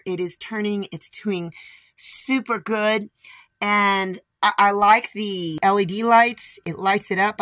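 A middle-aged woman with a hoarse voice, chatting casually and rambling with lots of fillers as she shows off her homestead. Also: medium pitch, fairly bright tone. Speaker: homestead vlogger. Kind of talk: casual chat.

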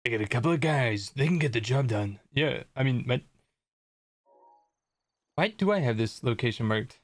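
A man's voice: medium pitch, expressive, moderate pace, no echo. A young man casually commenting on his gameplay as a streamer, chatting and joking with viewers. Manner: chatty, jokey, reads chat aloud.

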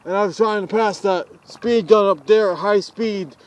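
A high-pitched teenage boy vlogging on a walk outside. He jokes around and talks straight to his viewers in a loose, chatty way. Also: normal speed, poor audio. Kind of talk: casual walking vlog. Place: outdoors on a road.

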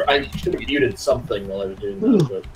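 A man's voice: medium pitch, big pitch swings, quick pace, background noise. A man co-hosting a casual online chat, easily telling an anecdote. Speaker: podcast co-host.

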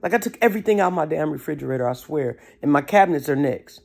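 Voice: medium pitch, expressive, fast, gravelly. A motivational speaker who talks in an emphatic, preachy way with casual slang. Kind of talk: motivational talk.

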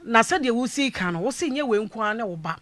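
A woman hosting a radio talk show, excitable, often exclaiming and repeating her phrases. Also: on the high side, fast talker, no room sound. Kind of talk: lively panel chat on a listener's family problem.

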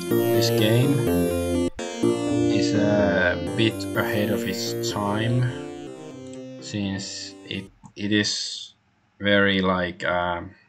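A man streaming a point-and-click game, musing aloud in a hesitant, casual way. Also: fairly low pitch. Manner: musing, hesitant, many fillers. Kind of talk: casual gameplay commentary.

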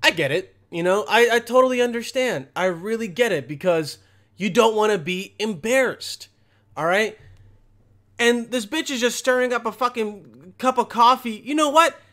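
A man's voice: very high voice, normal speed, a bit bright. A young man hosting comedic reaction commentary, rambling crudely in a mock-outraged way. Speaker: commentary host.

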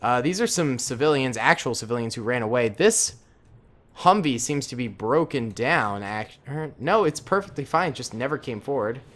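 A young man from the Boston area giving relaxed, chatty, self-mocking gameplay commentary as the host of a gaming channel. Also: medium pitch, normal speed. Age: young adult.

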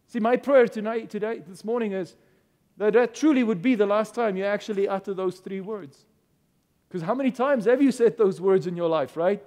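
A man's voice: sits high, a little fast, a little mellow. A man preaching a sermon as a pastor, earnest and stumbling over repeated words as he builds his points. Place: church. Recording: reverberant church hall.

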